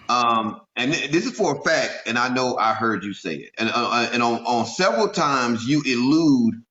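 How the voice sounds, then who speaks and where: A man hosting an interview, putting probing questions in a deliberate, halting way full of fillers. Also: medium pitch, expressive, sharp tone. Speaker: interview host. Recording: echoey, dull lo-fi audio.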